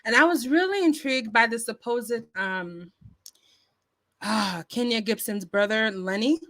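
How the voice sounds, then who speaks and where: A woman's voice: on the high side, a little slow, fairly bright tone. A woman vlogger telling a story casually into her phone, chatty, with lots of fillers and restarts. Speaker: YouTube commentary vlogger.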